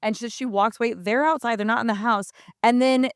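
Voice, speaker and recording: A woman's voice: a little high, fairly even intonation, brisk, no echo, clean studio sound. A woman co-hosting a podcast in casual chat, thinking aloud with lots of "like"s. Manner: chatty, thinks aloud with many "like"s. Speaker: podcast co-host.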